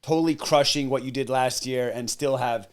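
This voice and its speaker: A man's voice: medium pitch, steady tone, normal speed. A man hosting a podcast, asking questions and reacting in a supportive, chatty way. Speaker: podcast host. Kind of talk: casual interview. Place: podcast studio.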